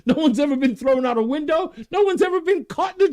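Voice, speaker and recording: A man's voice: very high-pitched, lively intonation, fairly quick, a little mellow. A man hosting a talk show, delivering a monologue, getting worked up, laughing at himself and reading out viewer comments. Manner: reads viewer comments aloud. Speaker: host.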